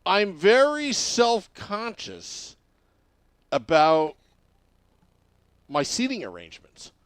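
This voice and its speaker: A young male podcast host with a somewhat high voice that swings widely as he tells his stories. He chats casually and animatedly, laughing and restarting sentences. The sound is dry and close. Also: huge pitch swings, takes it slowly, a bit bright, clear, resonant tone, no echo. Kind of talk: casual chat.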